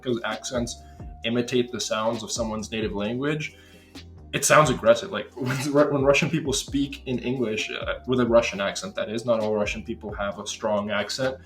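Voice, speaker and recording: An American man hosting a relaxed conversation, laughing often as he talks. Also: mid-range voice, reverberant. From USA. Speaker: host. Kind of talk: casual chat.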